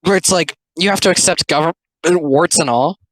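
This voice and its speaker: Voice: mid-range voice, a little fast, fairly bright tone, no room sound, poor audio. A speaker giving casual, rambling, sarcastic commentary on comics, full of filler words. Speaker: commentary host.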